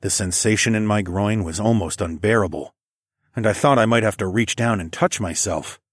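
A man reading a first-person story in a low, slightly husky voice, calm and measured. The recording is close and dry, with no room sound. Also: no echo. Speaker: narrator.

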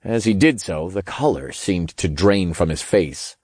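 Low, lively male audiobook narrator. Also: unhurried, breathy edge, dry recording, clean studio sound. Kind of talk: first-person scripted narration.

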